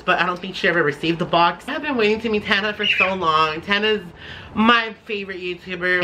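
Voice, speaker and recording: This is a young man from the San Francisco Bay Area recounting a story for his vlog in an easygoing, chatty way. His voice is bright and forward. He gushes with excitement and leans on "like" over and over. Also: high-pitched, slight background noise. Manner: gushing and excitable, heavy use of "like" fillers. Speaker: vlogger.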